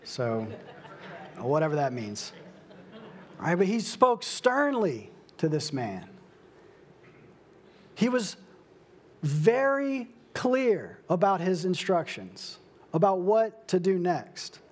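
A young adult man preaching a sermon, slow and emphatic, with dramatic pauses. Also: sits high, sing-song. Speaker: pastor.

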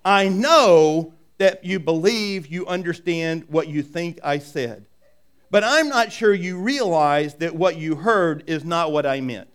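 A man's voice: fairly high pitch, slow, a bit bright, clean tone. A middle-aged man preaching a sermon in a conversational way, often asking "right?" and acting out quoted voices. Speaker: pastor.

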